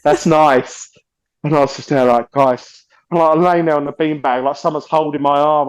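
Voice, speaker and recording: A man tells stories as a podcast guest, acting out what people said and swearing freely. His voice sits at a middling pitch. The sound is dry and close. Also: moderate pace, clear, resonant tone, no echo. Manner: animated storyteller, swears freely, acts out quotes. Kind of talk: casual anecdote telling.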